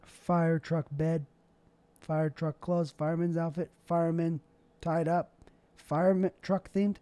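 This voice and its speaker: A man's voice: fairly high pitch, flat delivery, measured pace, mellow, no room sound. Rambling self-deprecating young man. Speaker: show host. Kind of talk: casual solo vlog monologue. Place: indoors at home, his bedroom.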